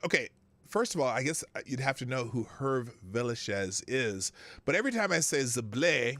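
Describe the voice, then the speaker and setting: A man's voice: medium pitch, animated, moderate pace, sharp tone, no room sound. A man hosting a live stream, greeting chat viewers by name in a chatty, rambling way and chuckling to himself. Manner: chatty, laughs to himself, reads names off chat. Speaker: livestream host.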